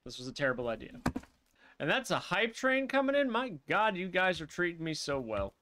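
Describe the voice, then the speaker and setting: A man's voice: sits high, brisk, noisy background. A man streaming a live playthrough, chatting animatedly with viewers and swearing freely as he reacts to the game. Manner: animated, swears freely, talks to his chat and to characters on screen. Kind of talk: live gameplay commentary.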